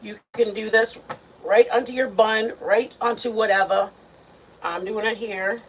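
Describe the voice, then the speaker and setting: An excitable, chatty woman talks her viewers through a recipe at a mid-range pitch. She cooks in a home kitchen, and loud frying and sizzling run under her voice. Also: measured pace, slight background noise, rough recording. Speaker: home cooking vlogger. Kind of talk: casual cooking chat.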